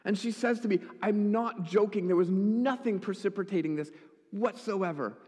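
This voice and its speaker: A man's voice: high voice, normal speed, a little mellow, slightly rough. A male pastor preaching a sermon, telling a story with wry humorous asides. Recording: echoey hall.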